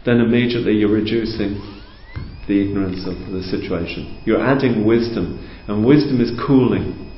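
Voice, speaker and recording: A man giving a calm, conversational teaching talk to a group, explaining patiently and asking rhetorical questions. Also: fairly low pitch, normal speed, a little hiss or hum. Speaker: spiritual teacher. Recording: roomy, dull lo-fi recording.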